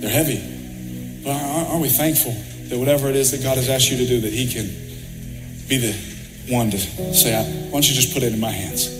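A man's voice: medium pitch, steady tone, brisk. A man giving an impassioned church testimony with a fervent, preaching cadence. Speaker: athlete speaking at church. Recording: echoey hall with music behind.

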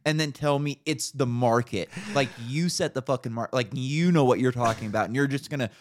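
A man's voice: mid-range voice, brisk, a little hiss or hum. Male podcast co-host, profane ranting storyteller, mid-range voice, casual. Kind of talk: casual chat.

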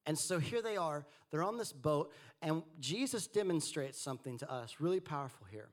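Guy pastor giving a sermon, kinda high voice, gets animated then drops low. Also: moderate pace. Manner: animated preaching, rising and falling in pitch and volume.

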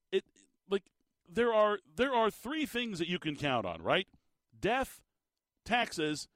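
A man hosting a sports radio show, ranting in an animated, incredulous way with a tired, slightly squeaky voice. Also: no echo, studio quality. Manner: animated, incredulous rants with laughs. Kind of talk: sports talk radio monologue.

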